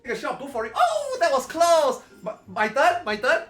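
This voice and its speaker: A man's voice: very high-pitched, huge pitch swings, moderate pace, fairly bright tone, soft background music, voice pushed up, heavily acted. A man putting on the voices of nonchalant male esports players chatting casually, laid-back and repeating himself. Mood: easygoing.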